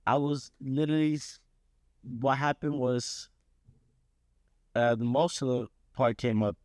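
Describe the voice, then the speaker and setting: Late-teens male co-host, playful and defensive, mid-pitched, dry. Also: unhurried, a little mellow, no room sound. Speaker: podcast co-host. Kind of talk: casual chat.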